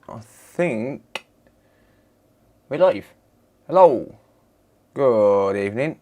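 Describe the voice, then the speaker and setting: Brief: male streamer, mid-pitched, slow and relaxed, friendly chat roll call. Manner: greets chat members one by one, laid-back banter. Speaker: live-stream host, electronics repairer. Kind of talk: casual live-stream chat.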